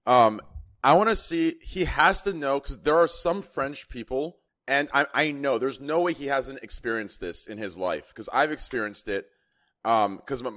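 A man talks casually, hesitant and filling pauses with ums and uhs. His pitch swings widely as he talks. His voice sits mid-range. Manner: hesitant, lively, full of fillers. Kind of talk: casual chat.

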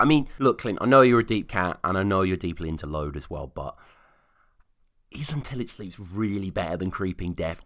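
A man's voice: fairly low pitch, fairly bright tone. A man hosting a solo podcast, chatting casually and reading out listener comments with enthusiasm. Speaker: podcast host.

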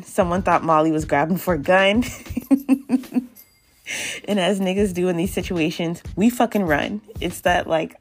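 A woman hosting a podcast, recapping and ranting about a TV episode in a casual, blunt, exasperated way, swearing often. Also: on the low side. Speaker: podcast host reviewing a TV episode. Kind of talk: casual, profane recap and rant.

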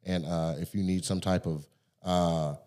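Deep-voiced man hosting a podcast. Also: steady tone, measured pace, dark tone. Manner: laid-back promotional pitch with fillers. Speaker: podcast host. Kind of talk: casual chat. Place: podcast studio. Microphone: studio microphone.

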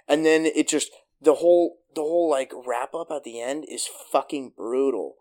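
A podcast host in loose, casual conversation. He retells a film with excited energy, peppering it with swearing and filler words. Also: on the high side, a little fast, few pauses. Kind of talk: casual chat.

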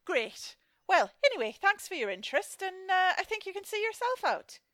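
A brisk, sarcastic dating agent with an Irish accent, as a woman acts her out, high-voiced and swooping. She delivers dry put-downs with a lively, rising and falling tone. The sound is close and dry. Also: no room sound, heavily acted. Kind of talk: comedy sketch acting.

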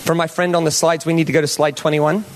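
A man's voice: on the high side, level tone, quick pace, slight background noise. A male pastor telling a story in a sermon, talking conversationally and putting questions to the audience.

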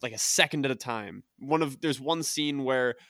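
Male podcast co-host, sharp bright voice, dry sound, candid and chatty. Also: mid-range voice, normal speed, no room sound. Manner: earnest, candid, laughs often. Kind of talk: casual film review chat.

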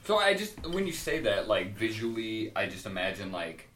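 A man's voice: on the low side, very animated, moderate pace, fairly bright tone, reverberant, far from the mic, slight background noise. A man co-hosting a podcast, riffing with colorful jokes in casual banter. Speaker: podcast co-host.

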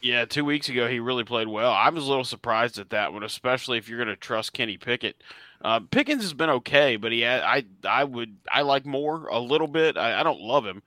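Bright, clear-voiced easygoing male co-host. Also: mid-range voice, fairly quick, no echo. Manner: easygoing, thinking aloud. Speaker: podcast co-host. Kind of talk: casual fantasy football chat.

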